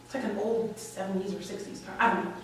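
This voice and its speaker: At a live story slam, a young New Yorker from Washington Heights recounts a personal story that's candid, wry and emotional. She talks quickly in a medium pitch with fairly even intonation. Slight background noise and faint ambience come through an echoey room and distant mic.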